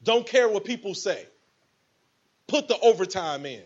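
A man's voice: high-pitched, lively intonation, unhurried, dull audio. A man giving a preachy motivational speech to a live audience, acting out little scenes with quoted voices. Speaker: motivational speaker at a business event.

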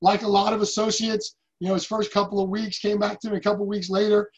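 A man's voice: sits high, flat delivery, fast. A man leading a sales team, giving an emphatic motivational talk and telling stories with acted-out quotes. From United States. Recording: dull lo-fi recording.

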